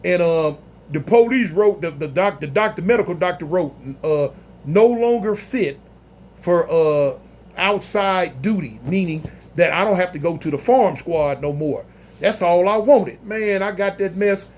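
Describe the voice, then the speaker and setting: A man telling a story in a casual, animated, slangy way, acting out other people's voices. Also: high voice, a little slow. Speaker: storyteller recounting prison life.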